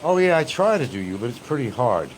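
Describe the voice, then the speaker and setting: A man's voice: medium pitch, sing-song, brisk. Male livestream host, casual and profane, voice swinging up and down, faint noise behind. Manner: profane, laughing along, loose and rambling. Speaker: livestream host reading chat. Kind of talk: casual rambling chat.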